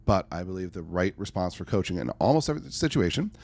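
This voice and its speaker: Lively, emphatic man with a low voice. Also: quick pace, gravelly. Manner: emphatic, animated storyteller. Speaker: life coach, podcast guest. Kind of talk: conversational podcast interview.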